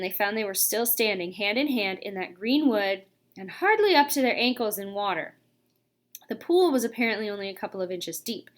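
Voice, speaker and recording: A woman reading a children's story aloud, narrating and voicing the dialogue in a lively way. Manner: lively, reads dialogue with raised pitch. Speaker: audiobook reader. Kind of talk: storybook narration with character voices.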